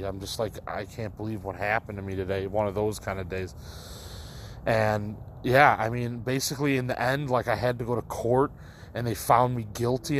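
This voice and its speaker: A young man with a fairly low voice tells a personal story to his listeners. He rambles, leaning on likes and false starts. Faint ambience sits behind him. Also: a little hiss or hum. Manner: rambling, full of likes and restarts. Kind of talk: casual storytelling monologue.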